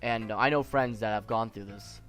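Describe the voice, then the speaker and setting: A teenage boy from the United States, a gaming streamer, talking earnestly in halting let's play commentary with many restarts. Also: fairly low pitch, steady tone, fairly bright tone, faint music behind. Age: teens.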